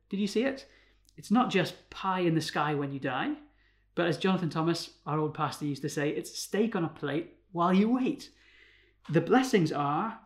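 A man preaching a sermon in a conversational way, often asking rhetorical questions and ending points with tag questions. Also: a little high.

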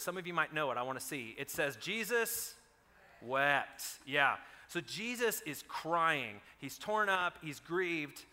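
A man in his thirties preaching a sermon, telling stories with animated energy and rising loud on quoted lines. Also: on the high side, long reverb tail. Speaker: pastor.

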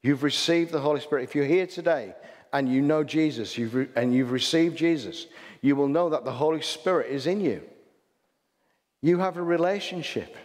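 In a hall with long reverb, a pastor from Hull preaches in a slightly high voice at normal speed. He talks in a chatty way, throwing out rhetorical questions and often restarting his sentences.

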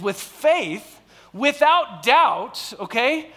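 Man preaching on stage, chatty and engaging; notably high, sharp tone. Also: lively intonation, slow pace. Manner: conversational, frequent "all right?" and "okay?" check-ins. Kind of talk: sermon.

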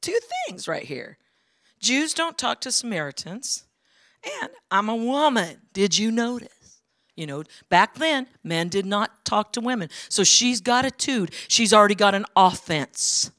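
A woman's voice: medium pitch, lively intonation, unhurried, a bit bright, no room sound, studio quality. Emphatic woman preaching a sermon. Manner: storytelling preacher, emphatic and conversational. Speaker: guest speaker. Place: church sanctuary.

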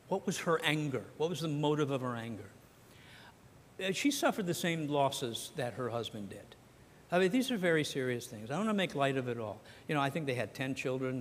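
A man's voice: mid-range voice, fairly bright tone. A man preaching a sermon as pastor, talking conversationally and acting out the scripture dialogue. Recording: long hall reverb.

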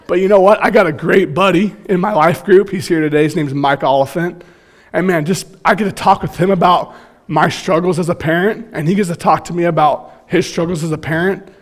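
A man in his thirties preaching a sermon, telling stories in an animated, joking way. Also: high-pitched, a little fast. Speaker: pastor.

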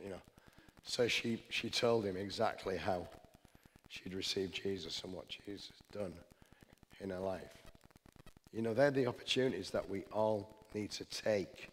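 A man's voice: fairly low pitch, moderate pace. A man preaching a sermon in a church, talking in a conversational, earnest way with frequent restarts. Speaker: pastor. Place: church hall. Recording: church hall with long reverb, faint noise.

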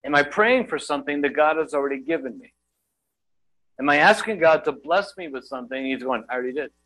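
Male preacher, slightly high voice, chatty sermon delivery, self-mocking asides. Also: lively intonation, bright, forceful tone, poor audio. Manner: self-deprecating, conversational, quick asides. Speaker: guest preacher.

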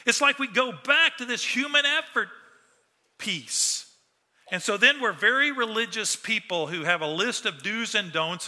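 A man preaches with a high, sharp, bright voice, animated and acting out the lines he quotes. His voice rings with a long reverb from a large hall. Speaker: pastor. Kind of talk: sermon.

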